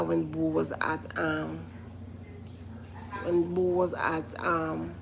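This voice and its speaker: A woman's voice: lowish voice, gravelly, low-quality recording. A woman giving casual commentary to live viewers, earnest and repetitive, often stopping to say listen. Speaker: vlogger reacting to a reality show.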